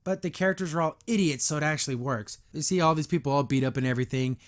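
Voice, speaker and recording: A man's voice: fairly high pitch, quick pace. A man hosting a podcast, giving a casual review with exasperated, sarcastic commentary full of "like" fillers. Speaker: podcast host reviewing a cartoon.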